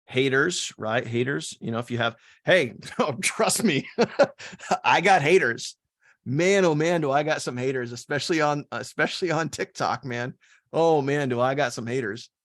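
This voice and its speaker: A man's voice: medium pitch, normal speed, dry recording, studio quality. A man teaching online business in a casual, slangy style, acting out his students' worries and doubts. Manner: animated, slangy, acts out students' inner doubts.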